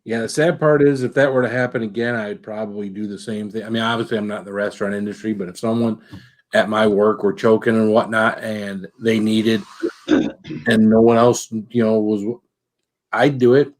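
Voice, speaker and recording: A man's voice: on the low side, fairly even intonation, moderate pace, darkish tone. A man chatting casually and telling a story from his past, with many fillers. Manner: rambling, many fillers, tells stories from work. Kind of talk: casual chat.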